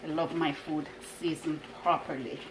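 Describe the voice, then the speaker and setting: A woman's voice: deep voice, flat delivery, moderate pace, background noise. A woman vlogging from her home kitchen, chatting cheerfully to her viewers as she walks through a cooking demonstration. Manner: chatty and upbeat, talks to viewers while cooking. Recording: echoey kitchen with clattering pots and dishes.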